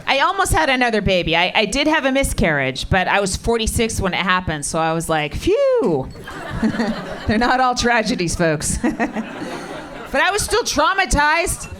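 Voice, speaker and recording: A middle-aged woman works a comedy club stage with a deadpan, brash delivery. She swears her way through punchlines into a handheld mic. A loud audience laughs all around her in this live recording. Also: on the high side, moderate pace, some chatter behind. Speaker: stand-up comedian. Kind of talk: stand-up comedy set.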